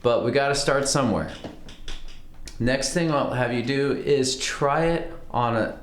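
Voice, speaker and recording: A man teaching a fiddle lesson in a relaxed, conversational way. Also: mid-range voice, unhurried, over loud music. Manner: relaxed, conversational, counts beats aloud. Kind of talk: casual music lesson. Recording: roomy sound with fiddle playing.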